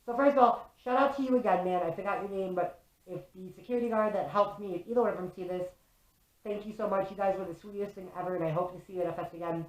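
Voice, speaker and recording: A young woman telling a story to camera in a casual, animated way, swearing freely and saying "like" a lot. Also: medium pitch, fast talker. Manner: animated, swears often, fills with "like". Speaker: vlogger. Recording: echoey room.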